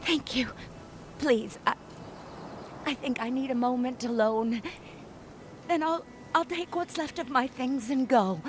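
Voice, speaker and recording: A woman's voice: high-pitched, unhurried, pauses often, slight background noise. An actress voicing a frightened young woman survivor in a fantasy game, who stammers and trails off. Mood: shaken. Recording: game audio with music underneath.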